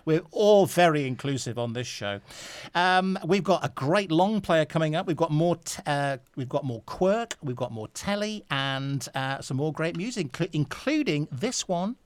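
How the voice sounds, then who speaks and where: Chatty radio host, lively voice. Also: mid-range voice, normal speed, dry recording. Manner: chatty, laughs often, trails off and restarts. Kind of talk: casual chat on radio.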